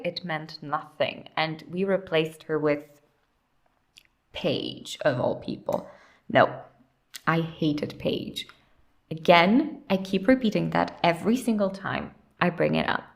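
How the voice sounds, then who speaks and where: A woman's voice: low-pitched, animated, measured pace, vocal fry. A young woman giving casual, opinionated commentary as she ranks characters, blunt and sarcastic, talking to herself while she sorts. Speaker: YouTuber ranking TV characters.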